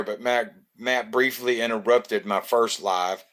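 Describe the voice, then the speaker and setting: A man's voice: mid-range voice, fairly even intonation, normal speed, few pauses, a bit bright. Laid-back man chatting live. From Florida. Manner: loose, joking, greets viewers by name. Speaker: live stream host. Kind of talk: casual live stream chat.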